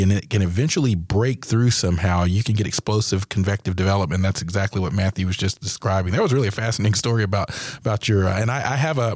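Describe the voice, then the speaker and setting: Man, podcast host, halting, repeats words, low voice, dry sound. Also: a little mellow, no echo. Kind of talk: interview hosting.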